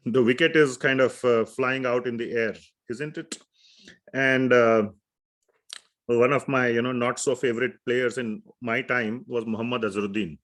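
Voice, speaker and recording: A man's voice: medium pitch, steady tone, moderate pace, fairly bright tone. Man teaching a scripture class. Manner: conversational, asks the class questions, tells anecdotes.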